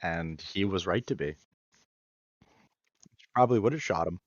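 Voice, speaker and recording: A man's voice: sits low, animated, moderate pace, no room sound, dull audio. A man co-hosting a podcast, making casual wisecracks and joking asides. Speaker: podcast co-host.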